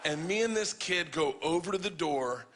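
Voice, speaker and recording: A man performing stand-up on a club stage, telling stories in a profane, animated way. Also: a little high, normal speed, noisy background. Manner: profane, animated, acting out voices. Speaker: stand-up comedian. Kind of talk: stand-up storytelling.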